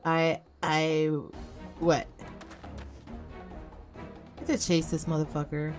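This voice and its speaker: A woman's voice: deep voice, little pitch movement, takes it slowly, darkish tone, faint music behind. A young woman streaming a game, joking and self-mocking in casual commentary, swearing freely.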